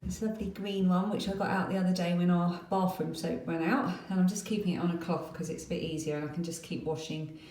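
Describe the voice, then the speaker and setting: Rambling, chatty British woman with a lower voice, vlogging to camera at home. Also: fairly even intonation, fast, hardly any pauses, a little mellow. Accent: British English. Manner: chatty, rambling, laughs often. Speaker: craft vlogger. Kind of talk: casual chat to camera. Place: home, bedroom and bathroom.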